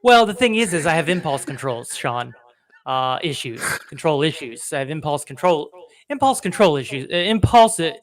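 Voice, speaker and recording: A man's voice: a little high, big pitch swings, moderate pace. Rambling self-deprecating comedy podcast man. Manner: self-deprecating, rambling, acts out voices in anecdotes. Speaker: podcast co-host.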